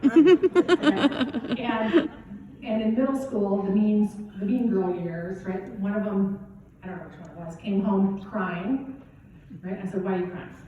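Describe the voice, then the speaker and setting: Middle-aged woman, golf coach, chatty motivational speaker with a relaxed tone, recorded from far off in a big echoing hall. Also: mid-range voice, slow pace, pauses often, a little hiss or hum. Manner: casual and conversational, often asks "right?". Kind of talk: motivational keynote speech. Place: event hall at a golf championship. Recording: very echoey hall, distant dull mic.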